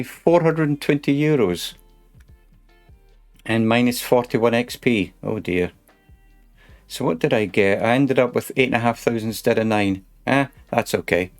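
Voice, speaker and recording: A man's voice: mid-range voice, expressive, measured pace, pauses often, faint music behind. A man casually commenting while he plays a truck game on a stream, chatty and muttering to himself.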